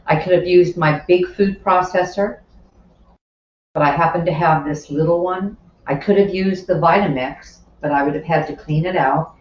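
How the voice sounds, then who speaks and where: A woman's voice: sits low, darkish tone. A woman teaching a live cooking class in her kitchen, chatty, explaining each step and adding asides as she works. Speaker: cooking instructor. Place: home kitchen. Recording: roomy, distant, dull sound with faint kitchen noise.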